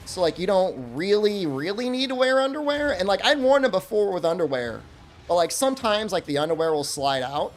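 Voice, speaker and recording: A man streaming a game, telling a funny story in a casual, animated way and laughing often. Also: high-pitched, fairly quick.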